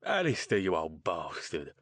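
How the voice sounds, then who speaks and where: A man voicing a rough, cheerful, wiry Cockney man with a boisterous, chummy manner and a thick Cockney accent. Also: low-pitched, wildly swooping pitch, a little slow, fairly bright tone, no echo, exaggerated voice. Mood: hearty.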